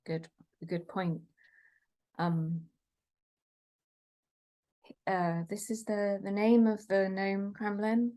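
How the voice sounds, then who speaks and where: A woman's voice: medium pitch, steady tone, very slow, long pauses, a little mellow. A woman playing a tabletop game, chatting casually and thinking aloud in a tentative way. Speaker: player.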